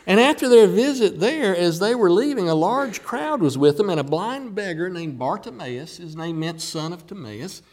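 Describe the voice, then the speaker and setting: A man preaching a sermon, retelling a scripture story with acted quotes and dramatic pauses. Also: sits high, animated, darkish tone.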